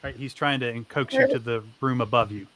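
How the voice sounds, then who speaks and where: A man narrating a tabletop game as game master, briskly and with many fillers. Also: mid-range voice, a bit bright.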